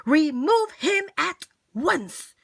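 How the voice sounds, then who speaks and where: A woman's voice: high-pitched, very animated, gravelly, pitched above the performer's own voice, exaggerated voice. A woman doing a blustering, furious store manager. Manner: loud, slow, blustering commands. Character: angry pompous male store manager.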